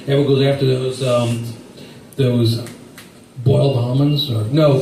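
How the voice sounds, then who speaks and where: A man's voice: mid-range voice, animated, normal speed, mellow, recorded from a distance, slight background noise. Rambling stand-up comedian man, echoey room. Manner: rambling, self-deprecating, acts out quotes.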